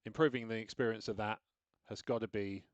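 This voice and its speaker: A man's voice: lowish voice, steady tone, a little fast, dry recording, highs cut off. A man streaming games live, chatting casually and thinking aloud as he works out his setup, with self-deprecating asides. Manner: rambling, self-deprecating, talks through what he is doing on screen. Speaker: game streamer.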